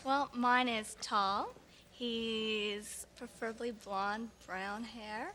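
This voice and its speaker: Young woman, bright high voice, hesitant, slight background noise. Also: fairly even intonation, extremely slow. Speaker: contestant.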